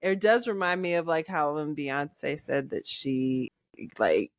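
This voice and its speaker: A woman's voice: sits low, expressive, slow, no echo, clean studio sound. A woman co-hosting a podcast, chatting with enthusiasm and rambling through fillers. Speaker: podcast co-host. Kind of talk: casual chat.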